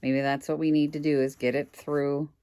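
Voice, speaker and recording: A woman's voice: low voice, little pitch movement, moderate pace, dark tone, clear, resonant tone, dry recording. A woman reselling goods online, casually thinking aloud at home with wry asides to her viewers. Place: indoors at home.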